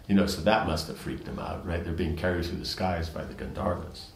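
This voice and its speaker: A man's voice: sits low, brisk, few pauses. A man teaching, reading scripture aloud with commentary and rambling asides full of restarts. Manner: rambling, many restarts and "you know"s. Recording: roomy echo.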